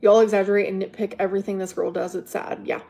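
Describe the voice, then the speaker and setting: A woman's voice: mid-range voice, flat delivery, quick pace, gravelly, mellow. A woman hosting a livestream, exasperated and defensive, swearing freely and hammering viewers with repeated rhetorical questions. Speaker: livestream host. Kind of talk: ranting livestream chat to viewers.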